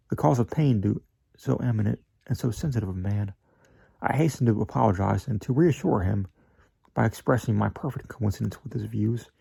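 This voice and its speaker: A man narrating a classic story in a measured, slightly theatrical way, with an occasional slip of the tongue. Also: fairly low pitch, gravelly, warm tone, breathy edge, no room sound. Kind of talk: amateur reading of a classic story.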